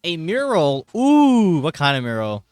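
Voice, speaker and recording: A man's voice: a little high, huge pitch swings, unhurried, clear, resonant tone, no room sound, faint music behind. Rambling young man streaming, tired. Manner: rambling, jokey, reads chat aloud with sudden loud greetings. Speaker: livestreamer. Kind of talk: casual live-stream chat. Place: hot bedroom.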